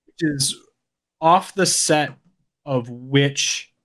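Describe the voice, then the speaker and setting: A man co-hosting a podcast, calm and teasing, building a story up at a measured pace. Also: medium pitch. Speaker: podcast co-host. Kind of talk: casual storytelling.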